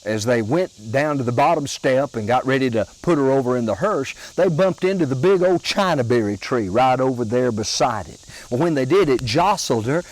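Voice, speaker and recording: A man telling comic family stories in a slow, folksy, drawn-out way. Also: mid-range voice, animated, low-quality recording. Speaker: storyteller comedian.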